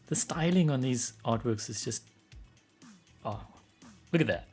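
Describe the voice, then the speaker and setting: A man streaming live as an artist, thinking aloud in casual commentary, getting excited and laughing often. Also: mid-range voice, normal speed, soft background music.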